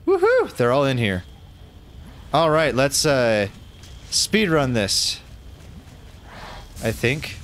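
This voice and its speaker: A man streaming a fantasy game, commenting casually in a goofy, excitable, playful way. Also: medium pitch, drawn-out words, long pauses, slight background noise. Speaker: gaming streamer. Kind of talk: casual let's-play commentary.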